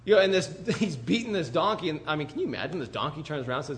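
Chatty, animated man preaching a sermon. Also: on the high side, racing, few pauses, a little hiss or hum. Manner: animated, chatty, full of "you know" and "like". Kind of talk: conversational sermon.

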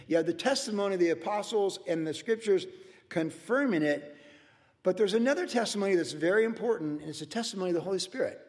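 High-voiced, gravelly male preacher. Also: darkish tone, big-room sound. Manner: conversational, personal anecdotes, frequent restarts. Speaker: pastor. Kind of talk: verse-by-verse sermon.

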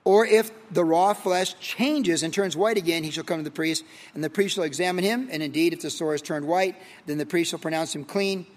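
A man's voice: a little high, brisk, hardly any pauses. A man teaching verse by verse as a pastor, reading scripture and then talking it through casually with fillers and rhetorical questions. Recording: long hall reverb.

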